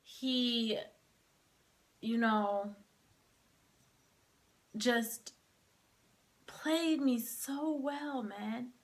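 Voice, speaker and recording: A woman's voice: a little high, extremely slow, pauses often. A young woman casually telling a personal story to camera, filling her talk with "like" as she relives it. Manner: casual, heavy use of "like", emotional retelling.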